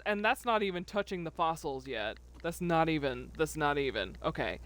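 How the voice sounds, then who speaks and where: A woman's voice: low voice, animated, normal speed, hardly any pauses, fairly bright tone, no room sound. A woman streamer giving chatty, playful commentary while playing a farming game, humming and singing little tunes to herself, at a desk mic. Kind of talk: let's play commentary.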